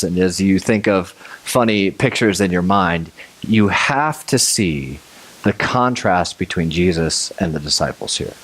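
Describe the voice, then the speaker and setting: A man preaching a sermon as a pastor, telling the story in a conversational, animated way with laughs, then slowing and dropping low and soft for reassuring lines.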